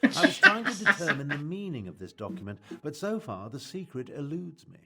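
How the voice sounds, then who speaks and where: An actor playing a serious male ally in a fantasy game, speaking in a measured, earnest way. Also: on the high side, very animated, pushed and bright, heavily acted. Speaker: game character. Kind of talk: scripted game dialogue.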